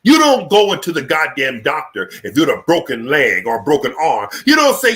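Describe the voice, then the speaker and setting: Host, male, lively and bright, profane preacher-style ranting. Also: a little high, normal speed. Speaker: show host. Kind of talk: live political talk show rant.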